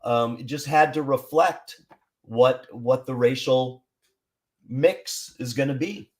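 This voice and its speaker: Measured, mid-pitched male songwriter guest. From Seattle. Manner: measured, explanatory, with frequent restarts. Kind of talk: casual interview chat.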